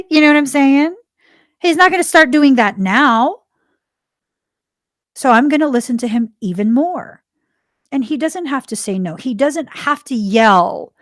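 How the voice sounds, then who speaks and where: A woman's voice: high-pitched, expressive, measured pace, pauses often, no echo, clean studio sound. Chatty woman hosting a podcast. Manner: chatty, laughs often, acts out quoted dialogue. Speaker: podcast host. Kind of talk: casual spiritual talk.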